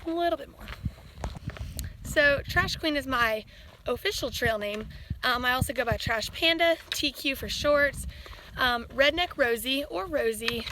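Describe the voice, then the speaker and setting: A woman's voice: sits high, unhurried, noisy background. A young woman with a Southern accent, telling trail stories in a casual hiking vlog, recorded outdoors on a handheld camera. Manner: chatty storytelling, acts out quotes in her own voice. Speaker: thru-hiker vlogger.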